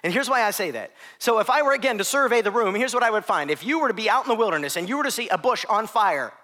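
Male pastor, high bright voice, casual and playful sermon delivery. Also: expressive, fast talker, in a large hall. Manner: conversational, playful, jokes with the congregation.

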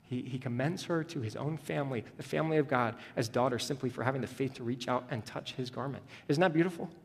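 A male pastor preaching a sermon, moving between hushed, tender passages and rising, urgent emphasis. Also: medium pitch, fast, vocal fry, slightly rough, big-room sound.

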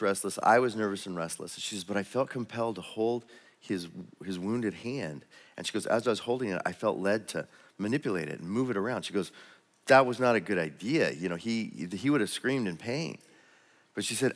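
A man's voice: lowish voice, a bit bright, long reverb tail. A man preaching a sermon as pastor, telling stories in a loose, conversational way with frequent restarts. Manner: conversational, storytelling, with repeated restarts. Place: church auditorium.

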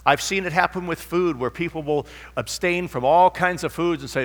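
A man's voice: on the high side, moderate pace, a bit bright. A man preaching a sermon in a rambling, anecdotal way with many restarts. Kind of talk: sermon with a told joke. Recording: long hall reverb.

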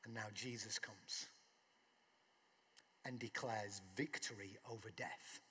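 A man's voice: lowish voice, fairly even intonation, slow, bright, forceful tone, slightly rough, in a large hall. A man preaching a sermon in a conversational way, asking rhetorical questions. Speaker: pastor.

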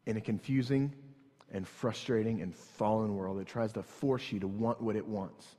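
A man's voice: on the low side, normal speed, warm tone. Emphatic preacher, man, echoing hall. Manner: emphatic, repeats lines for stress. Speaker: pastor. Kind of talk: sermon. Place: church hall. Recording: long reverb in a church hall.

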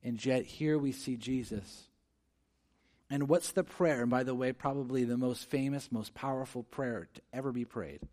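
A man preaching a sermon as pastor. He swings between hushed and emphatic phrases, asks his listeners questions and acts out quoted voices. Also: medium pitch, normal speed.

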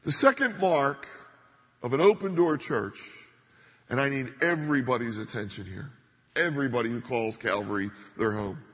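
A man's voice: mid-range voice, expressive, moderate pace, a bit bright, slightly rough. A middle-aged man preaching a sermon as a pastor, speaking emphatically and leaning hard on his key points. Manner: emphatic, building to stressed points. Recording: reverberant church hall.

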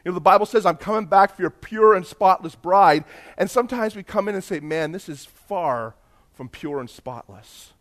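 A man preaching a sermon, telling a story and rising into loud emphatic bursts. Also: high voice, lively intonation, normal speed. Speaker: pastor.

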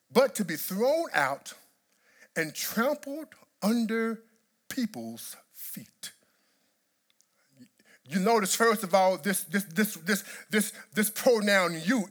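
A man preaching a sermon with real fervor, repeating words as he drives each point home. His pitch rises and falls widely, and his pace is slow and deliberate. He punches key phrases with sudden emphasis. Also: a bit bright. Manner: impassioned preaching with repetitions and sudden emphatic bursts. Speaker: pastor.

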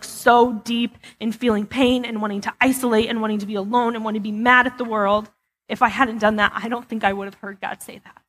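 A woman's voice: fairly high pitch, fairly bright tone. A woman giving a personal testimony in a church, talking candidly and casually with lots of fillers. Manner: candid, chatty, many fillers. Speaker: church speaker. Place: church sanctuary. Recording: long hall reverb.

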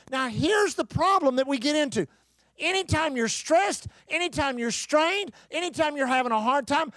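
A man preaching a sermon, emphatic, with rhetorical questions, repeated phrases and occasional shouted bursts. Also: very high-pitched, dry recording, studio quality. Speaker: pastor.

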